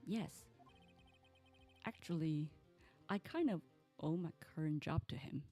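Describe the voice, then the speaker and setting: Woman doing a low, earnest young male lawyer. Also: slow, faint music behind. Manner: earnest, then deadpan. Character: earnest, dry young male defense attorney.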